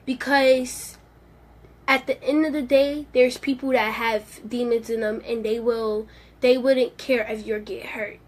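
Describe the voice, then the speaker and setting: A woman, the host's daughter, telling a story on a live video in an eager, rushed way. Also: fairly high pitch, fairly even intonation. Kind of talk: casual live video chat.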